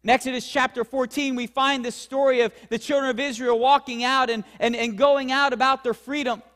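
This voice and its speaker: A man with an unusually high voice delivers a sermon from the pulpit of a church. He preaches with a Central Pennsylvania accent, rising high and loud on key points and dropping low and slow to drive them home. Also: steady tone. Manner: preaching with dramatic swings in pitch and loudness, slowing for emphasis. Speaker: pastor. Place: church sanctuary.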